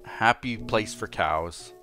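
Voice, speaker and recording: A man giving casual let's-play commentary as a gameplay host, playful, chatty and easily excited. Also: fairly low pitch, slow pace, faint music behind.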